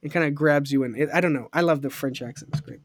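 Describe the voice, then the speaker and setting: A young man with a slightly high voice hosts a casual podcast chat, rambling eagerly with plenty of "like" and "you know." His voice is recorded close and dry, with no room sound. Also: fast, dry recording. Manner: rambling, enthusiastic, lots of fillers and laughs. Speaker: podcast host.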